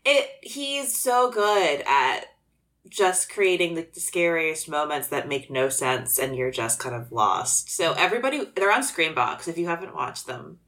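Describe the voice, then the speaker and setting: A woman co-hosts a casual movie podcast. Her voice is bright and sharp, and she talks quickly and giggles through her asides. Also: sits low, animated. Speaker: podcast co-host.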